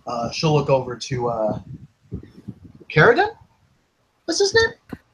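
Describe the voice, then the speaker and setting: A man's voice: medium pitch, huge pitch swings, slow, fairly bright tone, slight background noise, poor audio. A man playing a tabletop role-playing game, casually describing his character. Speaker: player.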